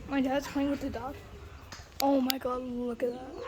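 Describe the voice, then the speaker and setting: High-voiced woman cooing over a puppy. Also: little pitch movement, normal speed, very noisy. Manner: gushing, coos baby talk at the puppy. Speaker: vlogger. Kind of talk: casual home vlog talking to a puppy. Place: family home.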